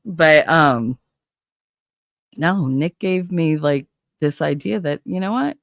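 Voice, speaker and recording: A woman's voice: low-pitched, lively intonation, slow pace, vocal fry, no echo. A middle-aged woman with a New Jersey accent, hosting a casual livestream chat in a candid, profane, chatty way. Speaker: livestream host.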